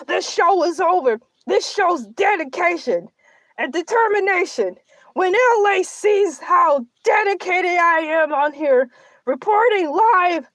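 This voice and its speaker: A woman's voice: very high voice, fairly bright tone, dry recording, exaggerated voice. A woman voicing a boastful, self-pitying male shark who hosts a comedic livestream and rambles through melodramatic complaints. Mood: determined. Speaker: livestream show host in character. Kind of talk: comedic character livestream monologue.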